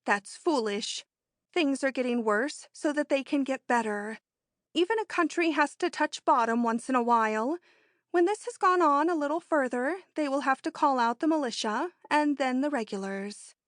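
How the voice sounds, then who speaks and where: A woman reading an audiobook, voicing a bold, excitable rich young woman in an eager, emphatic way. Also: normal speed, no echo, clean studio sound. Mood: confident. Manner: eager, emphatic, high-strung.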